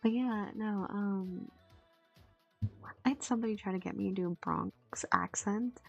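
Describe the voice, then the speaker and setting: Husky young woman rambling on stream. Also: mid-range voice, normal speed, darkish tone. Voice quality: husky, gravelly. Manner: rambling, swears casually, many fillers. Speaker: voice actor streamer. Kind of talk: casual stream chat. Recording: dull lo-fi stream audio with faint music.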